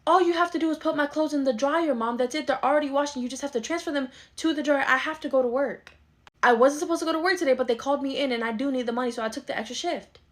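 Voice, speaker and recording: Comedy skit: woman as a sarcastic, fed-up grown daughter, rapid delivery, slightly high voice. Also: close to an everyday voice. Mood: pleading. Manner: argumentative, sarcastic. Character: exasperated young adult daughter arguing with her mom. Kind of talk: skit role-play.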